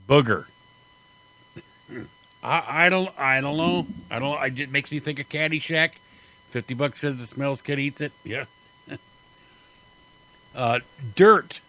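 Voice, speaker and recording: A man's voice: on the high side, takes it slowly, long pauses, bright, forceful tone, no echo, rough recording. A man hosting a talk radio show, chatting casually and laughing often between jokey asides. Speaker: radio host.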